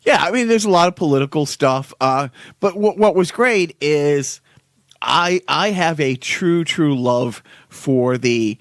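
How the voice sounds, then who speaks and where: A man's voice: on the high side, animated, unhurried, no room sound, studio quality. A middle-aged man co-hosting a podcast, chatting casually and animatedly, laughing often. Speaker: podcast co-host. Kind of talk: casual chat.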